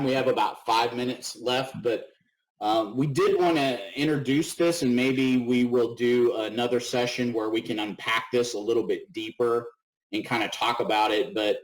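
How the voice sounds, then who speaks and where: A middle-aged man co-hosting a webinar over a video call, talking in an animated way, acting out little voices and often asking "right?". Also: medium pitch, rough recording. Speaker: webinar co-host. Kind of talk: casual webinar talk.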